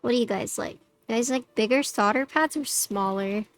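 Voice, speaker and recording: Chatting loosely with her stream viewers, a woman speaks in a fairly high pitch at a moderate pace, leaning heavily on "like" as a filler. Faint music sits behind her, and her voice carries a slightly robotic noise-suppression artifact.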